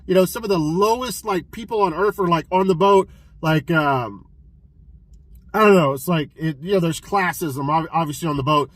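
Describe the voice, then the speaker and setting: A man casually reviewing a film he watched, retelling the plot in an excitable, profane way with many restarts. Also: on the high side, moderate pace, dry recording, poor audio. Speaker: physical media collector reviewing films.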